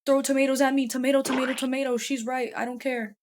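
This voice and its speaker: A woman's voice: high voice, flat delivery, quick pace, darkish tone, slight background noise. A woman YouTube commentator giving casual, chatty commentary, swearing freely and laughing often.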